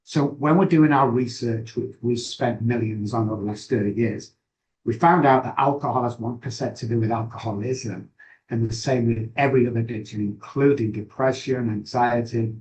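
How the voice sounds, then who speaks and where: A man's voice: medium pitch, darkish tone, poor audio. Candid middle-aged man. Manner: candid, halting, with frequent pauses and restarts. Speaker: guest, addiction recovery expert. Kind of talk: personal storytelling in an interview.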